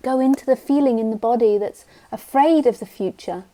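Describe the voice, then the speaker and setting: A woman's voice: on the high side, brisk, warm tone. A woman spiritual teacher giving a live talk, blunt and direct, sometimes mocking the mind in silly voices.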